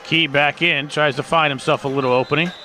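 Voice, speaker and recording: A man doing play-by-play commentary for a high school football game, his voice rising and growing louder on big plays. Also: steady tone, brisk. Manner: rises in pitch and volume on big plays. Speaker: play-by-play announcer. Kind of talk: sports commentary.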